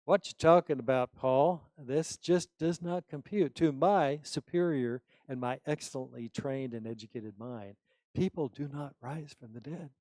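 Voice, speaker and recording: A man voicing an exasperated Roman governor who shouts in disbelief and scorn. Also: mid-range voice, unhurried, dry recording, natural voice. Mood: scoffing. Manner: loud, incredulous outbursts.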